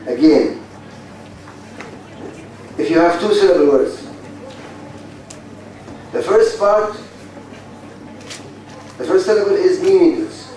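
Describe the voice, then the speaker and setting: Lecturing on phonetics in a large university hall, this Egyptian Arabic-accented man drills students bluntly and keeps repeating himself. His voice is high, animated and slow, with frequent pauses and a dark tone. Faint hiss and heavy echo come through the distant mic.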